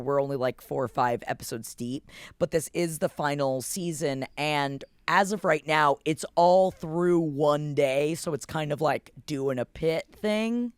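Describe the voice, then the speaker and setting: A podcast co-host chatting casually, excitable and rambling, leaning on "like" as thoughts pile up. The voice sits in a middle pitch. It is recorded close with a dry, dead sound. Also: clean tone, no echo. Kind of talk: casual chat.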